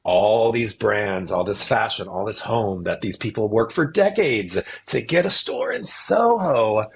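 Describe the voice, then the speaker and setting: Husky-voiced man telling his story. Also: lowish voice, measured pace. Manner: animated storyteller who acts out what others said. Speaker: podcast guest. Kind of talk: casual storytelling interview.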